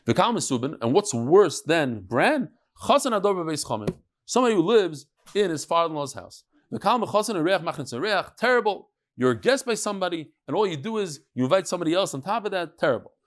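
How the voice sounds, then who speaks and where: Animated man teaching a Talmud class. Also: high-pitched, quick pace. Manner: animated, mixes Hebrew and Yiddish terms, jokes with the audience. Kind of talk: lively spoken Talmud lesson. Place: study hall with a live audience.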